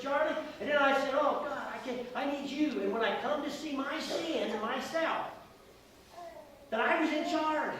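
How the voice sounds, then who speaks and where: An older male pastor in his sixties delivers an emotional sermon, climbing loud and then falling quiet. He is heard from far off in a very echoey church hall. Background noise runs under his voice. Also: very high voice. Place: church sanctuary.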